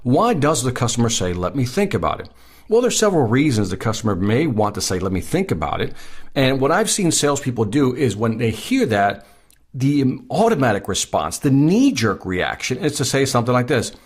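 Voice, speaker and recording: A man's voice: mid-range voice, sing-song, fairly quick, slightly rough. A man hosting a sales advice podcast, speaking emphatically and repeating his key points. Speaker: podcast host.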